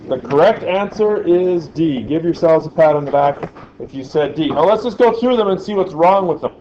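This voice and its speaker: A man's voice: fairly high pitch, a little fast, mellow, dull audio. A man teaching a physics lesson in a classroom, quizzing the class as he goes. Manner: chatty, asks the class questions. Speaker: science teacher.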